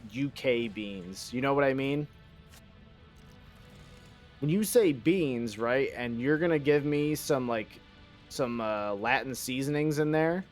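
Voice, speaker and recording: A man streaming a game live, rambling and joking in casual chat and swearing freely. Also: mid-range voice.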